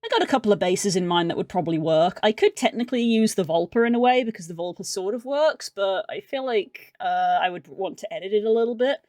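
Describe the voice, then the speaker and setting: An excitable woman chats loosely on a live art stream, drifting from one tangent to the next in an ordinary mid-height voice. She sits in a room at home, and her voice comes through dry and close with no room echo. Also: medium pitch, quick pace, few pauses. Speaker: livestreamer.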